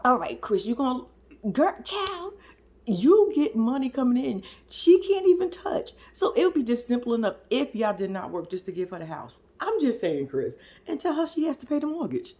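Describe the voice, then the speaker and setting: A woman's voice: sits high, big pitch swings, normal speed, a little mellow. A woman, giving a casual recap of a reality show, laughing often and talking back to the people in it.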